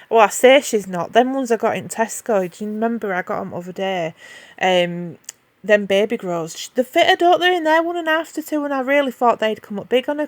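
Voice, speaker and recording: A woman's voice: medium pitch, dry recording. A pregnant woman, talking through her day in a chatty, rambling, frank way to her viewers. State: pregnant, tires easily. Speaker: vlogger. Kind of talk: casual vlog chat to camera.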